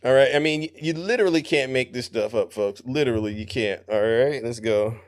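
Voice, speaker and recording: An excitable man runs a live political stream, talking to his audience in a voice of middling pitch. He laughs often and breaks into bursts of emphasis, turning every clip into a running reaction. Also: a little fast. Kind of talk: animated live-stream commentary.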